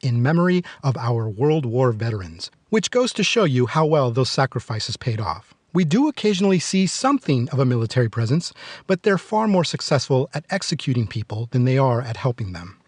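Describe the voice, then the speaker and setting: A man's voice: medium pitch, big pitch swings, a little fast, husky, dry recording. A man in his forties hosting a film review podcast, narrating in a sardonic, darkly joking way. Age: 40s. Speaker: podcast host.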